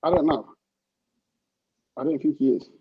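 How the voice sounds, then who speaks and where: A man hosting casual football chat, animated and slangy, swearing and laughing between points. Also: fairly high pitch, normal speed, husky. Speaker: show host. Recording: dull lo-fi sound.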